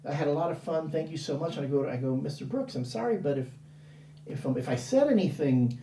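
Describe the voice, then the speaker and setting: Animated storytelling man, mellow and roomy. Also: on the high side, fast, a little hiss or hum. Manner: animated, acts out dialogue in quoted voices; rambling with frequent restarts and fillers. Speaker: interview guest. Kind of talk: casual anecdote storytelling. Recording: roomy sound from a distant mic.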